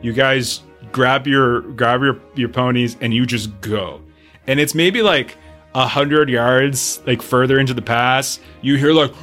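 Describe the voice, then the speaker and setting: A man's voice: medium pitch, a little slow, fairly bright tone, faint music behind. Man running a tabletop game, casual. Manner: casual, rambling, with many fillers. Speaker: game master.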